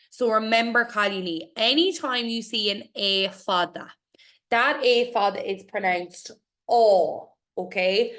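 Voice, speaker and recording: A young Irish woman teaching a class and reading a poem aloud slowly and clearly. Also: on the low side. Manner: encouraging, reassuring, models pronunciation slowly.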